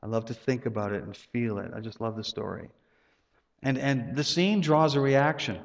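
A man's voice: normal speed, creaky. Man preaching in a reverberant hall. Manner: conversational preaching with repeated words and sudden rises in pitch. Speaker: pastor. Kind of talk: sermon. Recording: muffled sound with long hall reverb.

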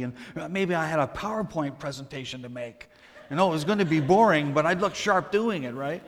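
A man pastor giving a humorous, storytelling sermon, dropping to a hush for emphasis. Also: fairly high pitch, long reverb tail.

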